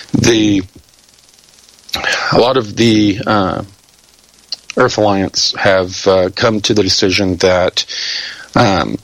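A man being interviewed who talks haltingly with many fillers and restarts, and says he is losing his voice. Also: low voice, no echo, poor audio. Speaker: interview guest. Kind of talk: hesitant conversational interview.

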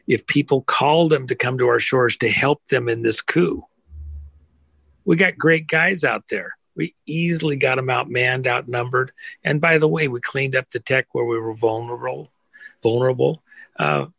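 A man's voice: medium pitch, vocal fry, fairly bright tone, breathy edge, no echo. A man delivering an impassioned, emphatic monologue, stacking phrases in rousing lists.

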